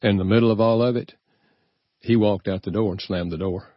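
A man's voice: fairly low pitch, fairly even intonation, brisk, no echo, muffled recording. An older man, a guest author, telling a personal story in an earnest, reflective way during a radio interview. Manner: earnest, reflective, easy chuckles.

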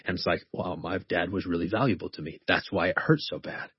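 Earnest male professor guest, low husky voice, reads scripture with deliberate weight; dry, dull recording. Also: dry recording. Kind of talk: conversational teaching on faith.

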